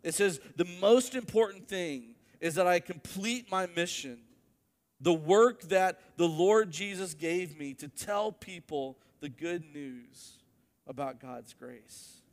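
A male pastor preaching a sermon, telling a story with animated build-ups to emphatic peaks. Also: high voice, slow pace, long reverb tail.

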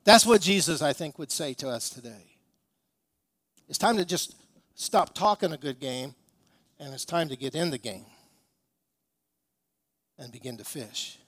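Male pastor, higher voice, emphatic sermon storyteller who leans on rhetorical questions. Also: expressive, a little slow, long pauses, fairly bright tone, dry recording.

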